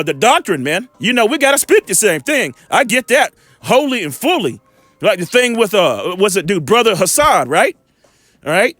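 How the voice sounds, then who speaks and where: A man delivers a loose, rambling bible lesson in a high, animated voice that rises and falls a lot. He keeps checking in with his listeners and drops in salty asides. The sound is dry, with faint music underneath. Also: no echo. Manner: rambling, checks in with 'all right?', blunt profane asides. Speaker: bible teacher. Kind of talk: informal scripture teaching and commentary.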